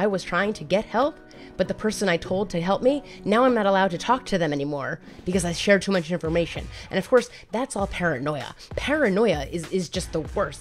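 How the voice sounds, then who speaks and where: A woman in her thirties, speaking as a mental health advocate and telling her personal story in a candid, conversational way that often repeats phrases. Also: mid-range voice.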